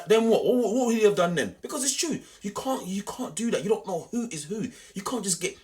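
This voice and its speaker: Animated young man ranting. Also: high voice, fast, few pauses. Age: young adult. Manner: animated, repetitive, conversational street slang. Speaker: vlogger. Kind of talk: storytime rant to camera.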